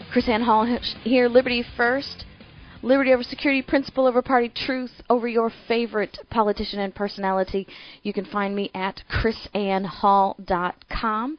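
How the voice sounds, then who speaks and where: Energetic woman hosting a political talk show. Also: mid-range voice, no echo, muffled recording. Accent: Midwestern American. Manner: energetic, emphatic, chatty.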